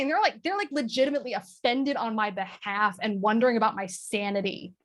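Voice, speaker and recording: A woman talking candidly as a guest on a video call, self-mocking and quick to laugh. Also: a little high. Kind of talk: casual chat on a video call.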